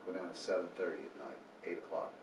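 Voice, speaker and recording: A man's voice: low-pitched, quick pace. A man who founded a homeless ministry, telling stories earnestly as an interview guest and acting out what people said. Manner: animated storyteller, acts out quotes. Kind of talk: earnest faith storytelling in an interview. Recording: roomy room, distant mic, faint noise.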